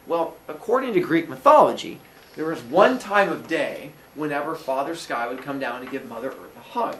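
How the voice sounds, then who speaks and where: A man's voice: on the high side, moderate pace, distant mic, slight background noise. A man telling a myth to a class in a jokey comic storytelling style, slipping into voices. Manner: animated, jokey, puts on voices. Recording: roomy echo, voice from afar.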